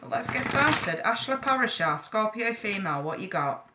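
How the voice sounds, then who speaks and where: A woman's voice: medium pitch, expressive, normal speed, very noisy. A woman giving a live-streamed tarot reading, chatty and frank, calling viewers darling and sweetheart. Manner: blunt, frank advice with swearing. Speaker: tarot reader.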